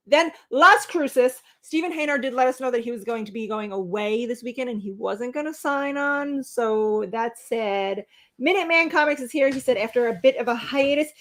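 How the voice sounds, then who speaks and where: A woman's voice: a little high, a bit bright. A woman in her thirties co-hosting a casual livestream, teasing and rambling as she reads out viewer names, heard through a webcam. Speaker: co-host of a livestream show.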